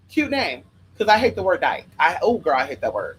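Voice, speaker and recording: A spiritual worker telling rambling stories to viewers in a sassy, profane, animated way, often drifting into side tangents. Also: a little fast, husky, low-quality recording. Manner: profane, sassy and animated, with big pitch swings. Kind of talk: casual storytelling to viewers.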